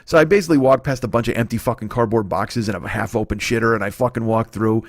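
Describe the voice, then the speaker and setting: A man's voice: medium pitch, fast, no room sound, clean studio sound. A man in his forties hosting a solo comedy podcast, telling a rambling, profane story. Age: 40s. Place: home studio.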